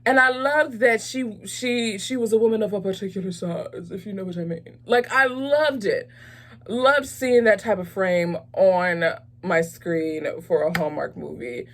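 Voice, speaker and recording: A woman in the middle of an ordinary pitch range hosts a casual movie review vlog from home. She talks in a loose, enthusiastic, animated way, with plenty of fillers and restarts. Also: unhurried. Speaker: host of a movie review channel.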